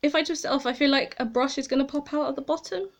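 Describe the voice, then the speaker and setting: A woman's voice: sits high, fairly even intonation, fast talker. A woman chatting casually to camera as a beauty vlogger, rambling and commenting on herself as she tries products. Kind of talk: casual makeup review to camera.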